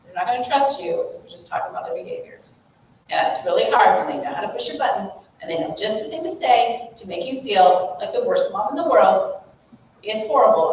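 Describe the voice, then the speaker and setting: Woman guest speaker, animated parenting talk, far from the mic in a very echoey hall. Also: medium pitch, normal speed. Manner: animated, acts out examples with nonsense sounds. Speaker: guest speaker on child behavior. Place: school room with audience. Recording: echoey room, voice from far off, faint noise.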